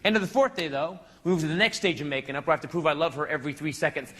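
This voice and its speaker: A man's voice: fairly high pitch, rapid-fire, hardly any pauses. A male stand-up comedian telling a story on a club stage, acting out scenes in a noisy live club recording. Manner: animated, acts out scenes with shifting voices.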